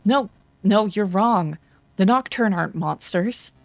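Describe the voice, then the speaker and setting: A woman's voice: medium pitch, slow pace, a little mellow. A woman voicing an earnest, idealistic young male hero who pleads his case. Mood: defiant.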